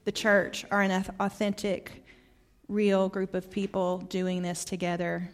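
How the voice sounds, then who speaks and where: A middle-aged woman from Arkansas with a Southern accent, preaching a heartfelt storytelling sermon as a guest preacher, often dropping soft and quiet. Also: medium pitch, monotone, unhurried. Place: church sanctuary.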